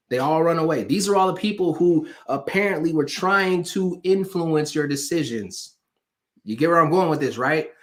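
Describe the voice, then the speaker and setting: A man giving an animated motivational talk to a live online audience, preacher-like, repeating phrases for emphasis and asking viewers for hearts and comments. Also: on the high side. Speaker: motivational speaker.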